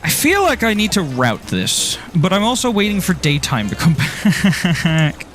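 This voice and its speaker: Lively Irish man streaming. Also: sits high, measured pace, soft background music. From Ireland. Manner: rambling and jokey, laughs often, self-teasing. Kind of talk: casual gameplay commentary, chatting with viewers.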